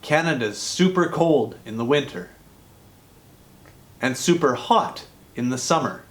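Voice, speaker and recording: A man teaching English to learners in a scripted lesson, explaining grammar clearly and deliberately. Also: mid-range voice, expressive.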